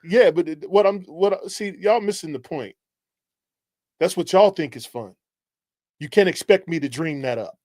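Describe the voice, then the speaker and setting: A man co-hosts a casual talk show, joking around in slangy African American English. His voice sits high for a man, and he keeps a loose, laid-back manner. The sound is dry and close. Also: normal speed, long pauses, a little mellow, no room sound. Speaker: co-host. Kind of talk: casual podcast chat.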